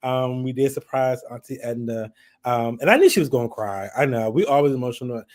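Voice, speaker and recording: A man running a livestream talks fairly quickly in a medium-pitched voice. He's chatty and laughing as he animatedly recounts a story in a loose, casual chat.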